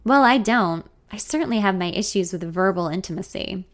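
A woman telling a story in the first person, expressive and confiding. Her voice sits at an everyday middle pitch. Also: brisk. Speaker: narrator.

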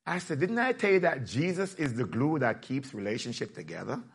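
A man preaching a sermon in a lively, plainspoken way, joking with his congregation and rising to shouts. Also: medium pitch, a little fast, slightly rough. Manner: plainspoken, casual phrasing. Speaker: pastor.

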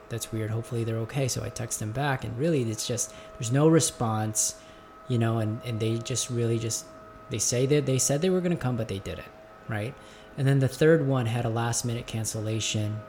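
A man's voice: mid-range voice, moderate pace, darkish tone, a little hiss or hum. A man who runs a gym, talking to his viewers in a reflective, casual monologue. He often stumbles and repeats words as he thinks aloud, and calls his listeners "guys". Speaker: gym owner speaking to viewers.

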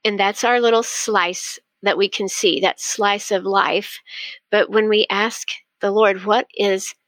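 A woman's voice: medium pitch, fairly even intonation, takes it slowly, fairly bright tone, no room sound. Earnest older woman sharing faith testimony. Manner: earnest, heartfelt storytelling. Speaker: guest.

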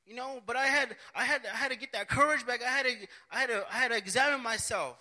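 A man's voice: very high voice, fast talker, pushed and bright. A man preaching a sermon, earnest and repetitive, often restarting his phrases.

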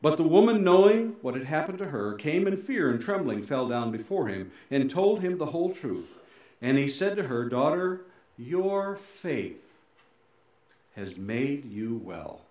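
A middle-aged male pastor giving a sermon, swinging between loud emphasis and soft, low endings, with folksy, self-deprecating asides. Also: sing-song, moderate pace, muffled recording. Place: church sanctuary. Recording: very echoey church hall.

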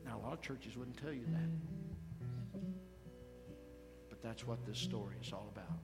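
A man preaching a sermon as pastor, slow and emphatic, building to loud calls for the congregation to repeat after him. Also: mid-range voice, lively intonation. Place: church sanctuary. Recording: reverberant church hall, faint guitar behind.

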